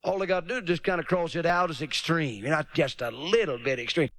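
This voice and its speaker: A man's voice: on the high side, fairly bright tone, no echo. A man preaching a revival sermon, emphatic and calling for amens. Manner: emphatic, drawn-out pauses, calls for amens.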